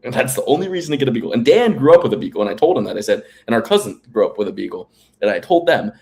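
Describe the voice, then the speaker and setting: A man's voice: mid-range voice, very animated, racing, gravelly, darkish tone. A man co-hosting a casual podcast chat, telling long rambling stories with fillers and restarts. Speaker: podcast co-host.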